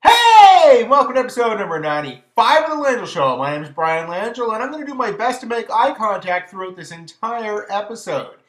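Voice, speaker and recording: A man's voice: sits high, animated, brisk, few pauses, fairly bright tone. A man hosting his own vlog, telling an everyday story in a chatty, exasperated way with lots of fillers. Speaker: vlog host. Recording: echoey room.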